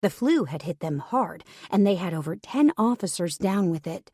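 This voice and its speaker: A woman narrating a first-person romance audiobook in a steady, wry storytelling manner. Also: lowish voice, normal speed, breathy edge, dry recording, clean studio sound.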